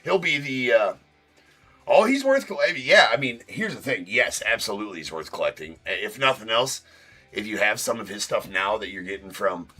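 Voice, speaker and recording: A man's voice: lowish voice, brisk, sharp tone, breathy edge, faint music behind. A man hosting a live-stream card break, talking loosely and casually, swearing and then jokingly apologizing. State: sore tooth.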